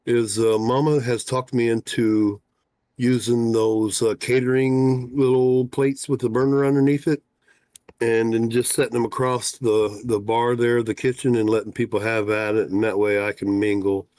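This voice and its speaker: A man's voice: medium pitch, a little mellow, no echo. A man hosting a casual livestream talk show as a fishing guide, folksy and rambling, with lots of "uh" fillers.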